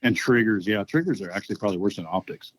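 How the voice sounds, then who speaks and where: A man who organizes a shooting match, explaining things in a relaxed way in a casual podcast interview, often pausing with "um". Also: lowish voice, low-quality recording. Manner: relaxed, explaining at length with many ums.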